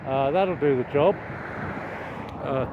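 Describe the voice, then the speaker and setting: A slow, mid-range male voice belongs to an older vlogger filming a construction site as he walks down a hill next to a road. His wry walk-and-talk wanders, with frequent fillers and restarts. The recording is muffled outdoor camera audio with traffic noise.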